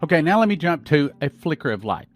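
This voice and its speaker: A man's voice: a little high, very animated, fast talker, faint music behind. A man hosting a podcast, reading dreams and visions aloud and breaking off with his own asides. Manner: reads accounts, breaking off with asides. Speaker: podcast host. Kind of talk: reading prophecies aloud with commentary.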